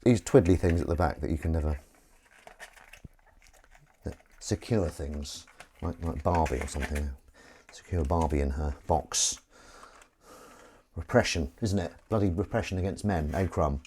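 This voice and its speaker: A man's voice: a bass voice, moderate pace, pauses often, dark tone, a little hiss or hum. A man hosting a casual live stream, rambling and self-mocking as he tries out a gadget. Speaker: livestream host. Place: outdoors in wind.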